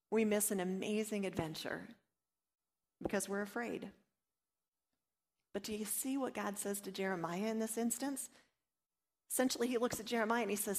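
A woman leads a devotional teaching in a mid-pitched voice. She talks earnestly and personally, telling her own stories and acting out the doubtful inner voice before she turns to scripture. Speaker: Bible study teacher.

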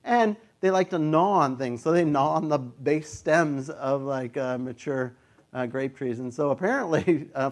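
A man's voice: a little high, a little mellow. Conversational pastor in his fifties preaching. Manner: conversational preaching, acts out quoted voices. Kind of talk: sermon.

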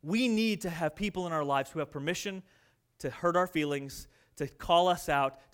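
A man who is a minister, preaching a sermon in an earnest, conversational way that swings between loud, pressing moments and hushed, quiet ones. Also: a little high, normal speed, clear, resonant tone.

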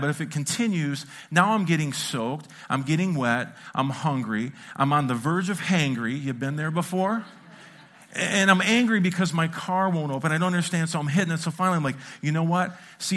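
Animated storytelling man preaching. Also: on the high side. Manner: animated, self-mocking storytelling with acted-out sounds. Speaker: pastor. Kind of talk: storytelling sermon. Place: church sanctuary.

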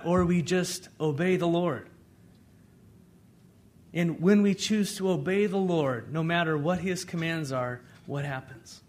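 A man preaching a sermon as pastor, in a conversational way, swinging between loud emphasis and hushed asides. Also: high voice, normal speed.

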